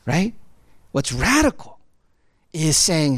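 A male pastor preaching with a high, lively voice that rises and falls a lot. He talks to the congregation in a casual, conversational way and keeps asking "right?". The sound is dry and close. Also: a little slow, no room sound. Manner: animated, conversational preaching with constant "right?" tag questions. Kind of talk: sermon.

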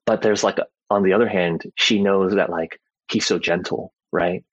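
A man with a low, husky voice teaches from the Bible in a loose, conversational way. He keeps tagging his points with "right?" and fills his talk with "like" and "you know." The sound is close and dry. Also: steady tone, moderate pace, no echo, lo-fi sound. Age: adult parent.

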